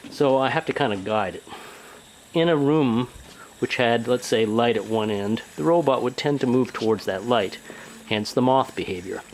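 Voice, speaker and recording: Relaxed New Zealand man demoing a robot. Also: medium pitch, normal speed, low-quality recording. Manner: relaxed, explanatory. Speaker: hobby robotics demonstrator. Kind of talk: casual demo narration. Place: outdoor deck.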